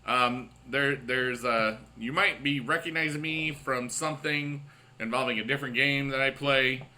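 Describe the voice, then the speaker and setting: Man, gaming channel host, bright tense voice, rambling upbeat late-night commentary full of fillers. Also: mid-range voice, moderate pace. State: up late on caffeine. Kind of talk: casual gameplay commentary.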